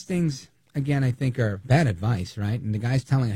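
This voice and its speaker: Animated gravelly male talk radio host. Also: mid-range voice, brisk, no room sound. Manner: animated, sarcastic, mimics others in quotes. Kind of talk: opinionated talk radio monologue.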